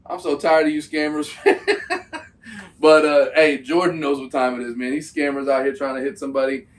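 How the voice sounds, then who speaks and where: A man's voice: on the high side, normal speed, far from the mic. Slangy man talking a bit off-mic. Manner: loose, slangy, animated talk. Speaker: host reacting to a trade video. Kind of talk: casual reaction commentary.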